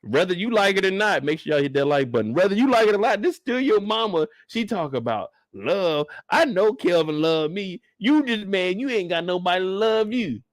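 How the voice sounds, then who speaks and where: Man, live stream host, joking and animated, swooping pitch, dry close recording. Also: fairly quick, hardly any pauses, dry recording. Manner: animated, joking, talks straight to viewers. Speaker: host reviewing a TV episode. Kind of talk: live after-show stream commentary.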